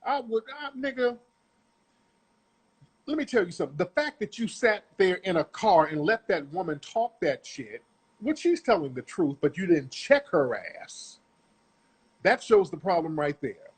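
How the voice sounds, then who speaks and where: A middle-aged man delivers ranting commentary on a video clip, blunt and full of profanity as he lectures his listeners. His voice is slightly raised in pitch and carries a husky edge. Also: very animated, moderate pace.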